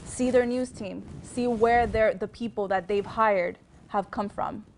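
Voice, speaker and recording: A woman's voice: medium pitch, a little slow. A young woman with a Miami accent, a TV news reporter, giving chatty advice to students with lots of ums and restarts. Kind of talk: casual advice talk to students.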